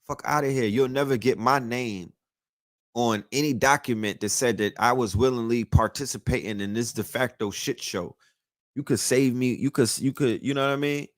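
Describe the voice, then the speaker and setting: A man's voice: medium pitch, moderate pace, no room sound, clean studio sound. Profane, emphatic man ranting casually. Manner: loose, profane, emphatic rant with many restarts. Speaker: podcast host. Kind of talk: casual monologue.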